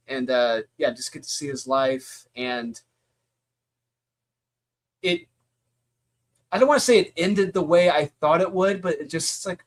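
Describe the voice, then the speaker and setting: A man co-hosting a comics podcast who rants bluntly and swears freely. His voice is a little high, and he acts out his own reactions in an animated, casual way. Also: moderate pace, pauses often. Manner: blunt, profane, animated ranting. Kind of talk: casual chat.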